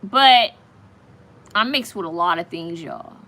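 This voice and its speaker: A woman's voice: fairly low pitch, animated, slow pace, pushed and bright. A woman hosting a casual live stream, chatting straight to her viewers and reacting to their comments as they come in.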